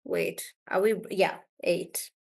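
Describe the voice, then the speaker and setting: A woman's voice: lowish voice, very animated, slow pace, gravelly. A young woman teaching an online class, thinking aloud as she checks words and encourages students. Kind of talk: live online class, coaching students on syllables.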